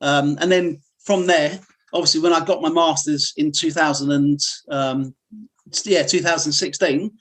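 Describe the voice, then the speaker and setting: Candid middle-aged man, raised pitch. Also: steady tone, moderate pace, a bit bright. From United Kingdom. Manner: candid, rambling, frequent fillers and restarts. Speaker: martial arts instructor. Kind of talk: casual interview storytelling.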